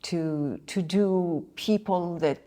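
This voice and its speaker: A woman's voice: on the low side, slow pace, mellow. A woman interviewer at a convention, asking earnest questions and affirming her guest's answers.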